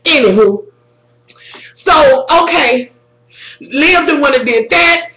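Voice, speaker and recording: A woman casually recapping a TV episode for her viewers, animated and profane, talking straight to them. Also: high-pitched, slow pace, roomy sound, rough recording.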